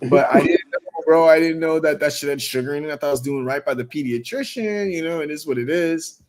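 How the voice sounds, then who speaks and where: A man hosting a casual stream, telling a family story in an animated way, swearing freely and calling everyone "bro". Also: on the high side, quick pace. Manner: animated, profane, says "bro" a lot. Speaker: stream host.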